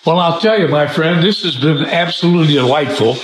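Man, podcast host, animated storyteller, laughs easily, roomy echo. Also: a little high, a little fast. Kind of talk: conversational interview with storytelling.

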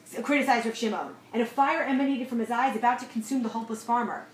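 A woman teaching a lively class lecture, telling a story and asking her students questions as she goes. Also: on the high side, fast, hardly any pauses. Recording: echoey room, faint noise.

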